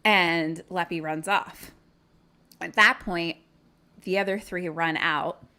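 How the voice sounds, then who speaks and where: A woman's voice: fairly low pitch, steady tone, slow, pushed and bright. A woman podcast host casually recapping a horror film, swearing freely and acting out the scenes.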